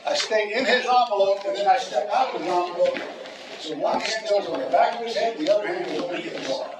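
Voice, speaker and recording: A man's voice: high-pitched, fast. A man teaching a self-defense seminar, joking and repeating words as he talks through demonstrations. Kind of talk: teaching a martial arts seminar. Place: large echoey training hall. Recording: echoey hall from far off with loud room noise.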